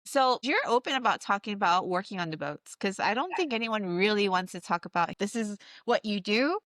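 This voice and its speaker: A woman's voice: medium pitch, expressive, fairly quick, a bit bright, no room sound. A woman hosting a podcast, chatting casually and agreeably with her guest. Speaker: podcast host. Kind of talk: casual interview chat.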